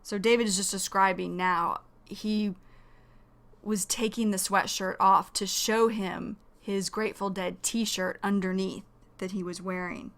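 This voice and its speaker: Slow, patient woman teaching English. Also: medium pitch, steady tone, gravelly, a bit bright. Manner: explains words slowly, repeating them. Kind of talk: slow, careful vocabulary lesson.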